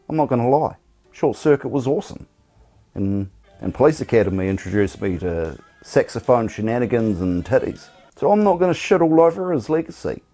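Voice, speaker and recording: A man's voice: on the low side, dark tone. A man giving sarcastic, irreverent commentary on film clips. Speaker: YouTube host.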